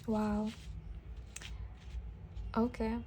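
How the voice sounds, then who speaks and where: A woman with a fairly high voice gives a tarot reading straight to her viewers. She talks gently and warmly excited, often restarting her sentences and breaking into soft exclamations. A faint hiss sits under the recording. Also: very slow. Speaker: tarot reader. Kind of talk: intuitive reading addressed to viewers.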